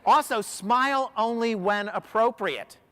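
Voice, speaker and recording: Lively high-voiced man speaking in a hall. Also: unhurried. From United States. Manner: animated storyteller, quizzes the audience. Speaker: professional speaker. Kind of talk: motivational keynote talk to a large audience. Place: large hall. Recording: long hall reverb.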